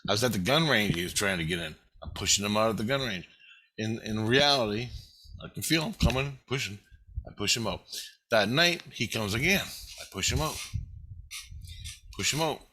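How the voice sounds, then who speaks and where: A man's voice: lowish voice, lively intonation, fairly quick, sharp tone. A man talking straight to the camera in a rambling monologue, agitated and swearing constantly. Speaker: vlogger. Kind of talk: rambling first-person monologue.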